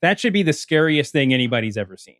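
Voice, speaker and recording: A man's voice: on the high side, big pitch swings, fast talker, a bit bright, dry recording, clean studio sound. A man co-hosting a podcast in casual chat, rambling and cutting himself off with lots of fillers. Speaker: podcast co-host.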